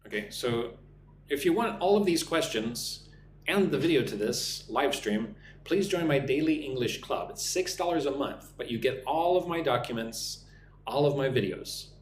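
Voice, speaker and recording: A man's voice: medium pitch, animated, normal speed, roomy sound, slight background noise. A man teaching English on a live stream, reading chat comments aloud and modeling sample interview answers.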